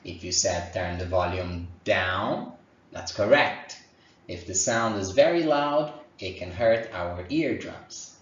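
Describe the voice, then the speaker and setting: Slow, low-voiced male teacher in an echoey room. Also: slight background noise. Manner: slow, encouraging, sounds out animal noises. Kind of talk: online lesson for young children. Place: room at home. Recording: echoey, distant, dull home recording.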